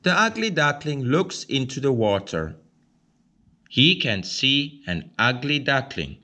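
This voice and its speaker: A man reading a children's picture book aloud, slow, clear and expressive. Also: mid-range voice. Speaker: storybook reader.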